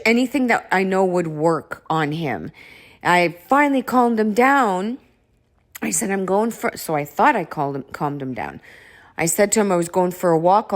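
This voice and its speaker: Blunt, swearing woman telling a story. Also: mid-range voice. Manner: blunt and profane, frequent swearing; exasperated, animated delivery with restarts. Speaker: vlogger telling a personal story. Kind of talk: casual storytelling monologue.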